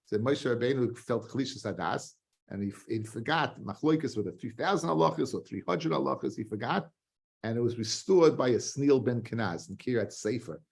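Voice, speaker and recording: A man teaching a Talmud lesson, reading the text aloud and explaining it in quick, restarting spoken English. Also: medium pitch, expressive, creaky, slightly rough. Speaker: rabbi teaching daily Talmud page. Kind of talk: Talmud lecture.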